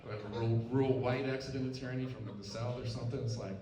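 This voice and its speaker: A man's voice: medium pitch, fairly even intonation, rapid-fire, distant mic. A stand-up comedian from Stockton, California, performing a live set in a lounge and tagging his punchlines with "right?" and "okay?". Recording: roomy club sound from off-mic, crowd laughter.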